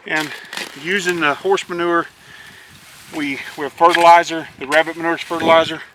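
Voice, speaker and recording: A man's voice: fairly high pitch, flat delivery, normal speed, noisy background. Plainspoken man explaining homestead chores. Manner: easygoing, plainspoken, rambling with restarts. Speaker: homesteader showing his work. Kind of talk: casual how-to explanation. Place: outdoors on a dry homestead.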